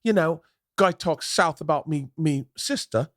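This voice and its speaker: A man's voice: a little high, a little slow, no echo, studio quality, pitched above the performer's own voice, close to an everyday voice. A man putting on a British accent to play a cocky British man who brags about his gangster father. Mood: boastful. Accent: put-on British.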